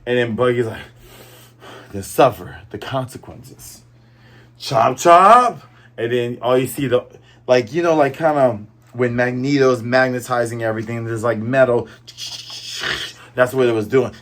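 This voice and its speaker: Speaking at a medium pitch in a steady tone, a young man casually recaps a manga chapter for his review, playfully acting out the characters' dialogue in fast voices.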